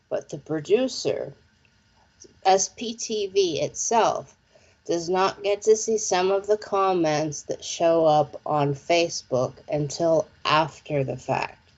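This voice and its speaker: A woman's voice: on the low side, a little mellow, highs cut off. A woman presenter doing psychic readings, chatting casually with viewers on a live stream and often checking in with "okay?". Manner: chatty, lots of fillers like "okay?" and "like". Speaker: psychic reader and show presenter.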